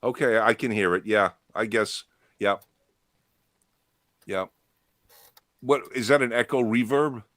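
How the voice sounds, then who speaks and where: A man's voice: mid-range voice, steady tone, slow pace, long pauses, a bit bright, no room sound. A middle-aged man hosting a casual chat, rambling and laughing, often restarting his sentences. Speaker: podcast host. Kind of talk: casual bar-style chat.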